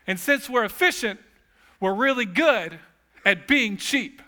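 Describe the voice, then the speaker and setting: High, bright-voiced preaching man. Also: measured pace. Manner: lively, humorous storytelling with casual asides. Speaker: pastor. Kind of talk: sermon.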